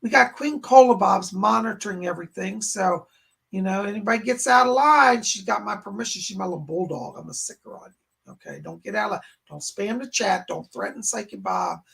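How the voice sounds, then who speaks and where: A man hosting a live stream as a psychic medium, hoarse and clearing his throat, greeting viewers with exuberant casual chat and calling himself by name. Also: sits high, brisk, a bit bright. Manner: exuberant, calls himself by name in the third person.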